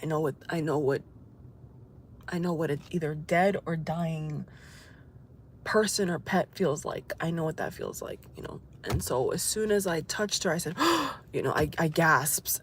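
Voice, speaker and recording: A woman vlogger talking tearfully into her phone camera from her car, rambling and repeating herself as she cries. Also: on the low side. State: crying. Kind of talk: tearful personal vlog while driving. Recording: loud car noise behind.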